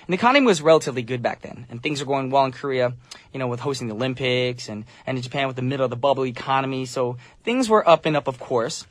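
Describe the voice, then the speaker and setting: A man's voice: mid-range voice, fairly bright tone, no echo. A man hosting a morning radio show in casual chat, upbeat and joking as he reads listener messages. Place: radio studio. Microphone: studio mic.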